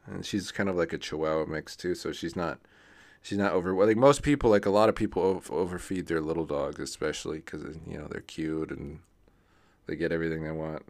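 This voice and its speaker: A man's voice: rumbling low, a little fast, creaky, darkish tone, no room sound. A young man podcasting alone at home into a desk mic, rambling casually, swearing and laughing at himself. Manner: rambling, self-deprecating, swears a lot, laughs often. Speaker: podcast host. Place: home room. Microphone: desk microphone on a swivel arm.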